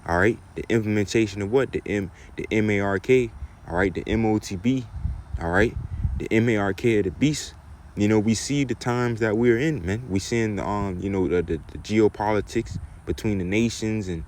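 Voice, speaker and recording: A man with a fairly low voice teaches from scripture in an informal preaching style. He keeps checking in with the listener, using "man" and "okay?" again and again. When he reads the verses, he slows down and gives them weight. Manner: repeats "man" and "okay?" as tags, reads verses slowly and loudly.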